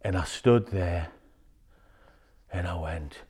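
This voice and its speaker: A man telling a personal story in casual talk, swearing freely and dropping to a hushed whisper when quoting others. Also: low voice, slow pace, slightly rough.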